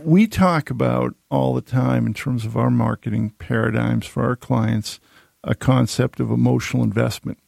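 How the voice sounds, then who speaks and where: A man with a heavily gravelly, mellow voice chats casually as a host and slips into animated, self-deprecating anecdotes. The sound is dry and close. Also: medium pitch, dry recording. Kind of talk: casual storytelling chat.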